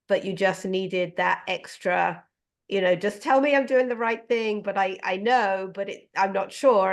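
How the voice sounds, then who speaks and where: A middle-aged woman working as an animal communicator, speaking gently and emotionally with many fillers over a video call. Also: mid-range voice. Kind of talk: heartfelt casual conversation.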